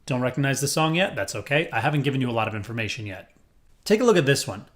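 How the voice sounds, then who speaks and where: A man's voice: mid-range voice, expressive, rapid-fire. A man teaching a music rhythm lesson, upbeat and self-described as corny, counting along with his students. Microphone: headphones on.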